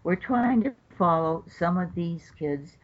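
A woman's voice: fairly low pitch, takes it slowly. An older woman, a judge, telling stories in an interview and acting out what others said. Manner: animated storyteller acting out quotes. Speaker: federal judge. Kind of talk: interview storytelling. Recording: dull lo-fi recording.

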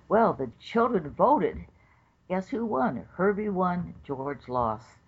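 A woman's voice: deep voice, measured pace, slightly rough. An older woman, a judge, telling stories in an interview and acting out what others said. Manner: animated storyteller acting out quotes. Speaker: federal judge. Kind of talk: interview storytelling. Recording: dull lo-fi recording.

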